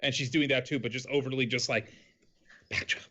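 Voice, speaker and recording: A man co-hosting a wrestling podcast in casual chat, measured and agreeable, filling pauses with um and you know. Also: mid-range voice, fairly even intonation, fairly bright tone. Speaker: podcast co-host.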